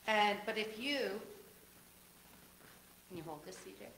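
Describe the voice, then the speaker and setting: A woman giving a children's sermon in church, telling a story gently and asking a child simple questions. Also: mid-range voice, lively intonation, unhurried, echoey room, slight background noise, rough recording. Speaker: children's message leader. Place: church sanctuary.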